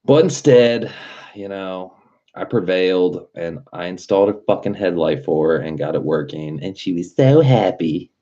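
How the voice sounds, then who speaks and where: Male streamer, very deep mellow voice, profane rambling storyteller. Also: expressive, normal speed, dull audio. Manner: profane, rambling storyteller who laughs at his own stories. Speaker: livestream host. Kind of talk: casual livestream chat.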